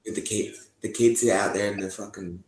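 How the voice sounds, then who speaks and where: A man's voice: on the low side, fairly even intonation, brisk, darkish tone. Swearing man, rambling testimony. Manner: rambling, heavy swearing, frequent laughs. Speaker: interviewee giving testimony. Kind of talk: candid casual talk. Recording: echoey room.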